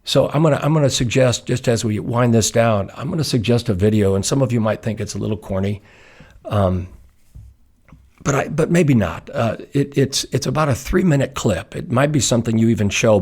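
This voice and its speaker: Man, pastor, husky voice, gravel in the tone, earnest devotional podcast talk, unhurried, restarts often. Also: medium pitch, darkish tone.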